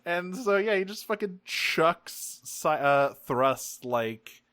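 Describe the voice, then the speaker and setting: A man's voice: on the high side, clean tone, dry recording, studio quality. A man co-hosting a podcast, recapping a cartoon episode in casual profane chat and acting out the characters' lines. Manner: profane, animated, acts out characters in quick voices. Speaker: podcast co-host.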